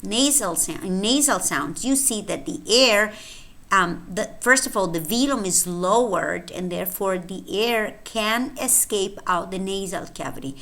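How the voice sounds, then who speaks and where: A woman teacher giving a recorded lecture, explaining carefully and deliberately and checking in with "okay?". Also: mid-range voice, fairly bright tone.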